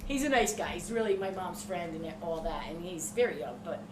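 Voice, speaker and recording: Animated middle-aged woman, roomy distant sound. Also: on the low side, a little fast. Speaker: podcast co-host. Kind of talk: casual chat, animated storytelling. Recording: echoey room, distant mic, noisy background.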